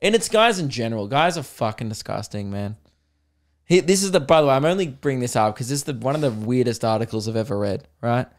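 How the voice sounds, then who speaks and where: In a mid-range voice, quick and expressive, a young Australian comedian rants on his podcast. The rant is casual and comedic, crude and sarcastic, with laughs in between.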